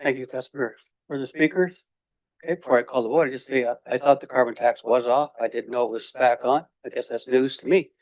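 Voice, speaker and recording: Brisk male council chair. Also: medium pitch, fairly even intonation, no echo, highs cut off. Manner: brisk procedural calls. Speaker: meeting chair. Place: council chamber.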